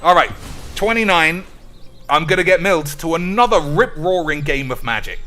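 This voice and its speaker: A man's voice: on the high side, animated, moderate pace, sharp tone, slight background noise. A man streaming a card game, ranting with sarcastic, profane commentary. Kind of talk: gameplay commentary.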